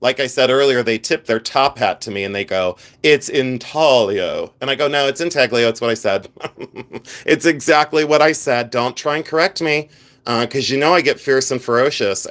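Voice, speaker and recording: On a livestream, a chatty middle-aged man from Ohio who resells jewelry does a show-and-tell in a mid-range voice. He's animated, tossing in quick asides and laughs.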